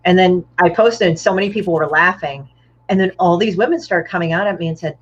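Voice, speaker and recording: Lowish-voiced woman, blunt and profane, casual chat on lo-fi call audio. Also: quick pace, slightly rough. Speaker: guest comic artist.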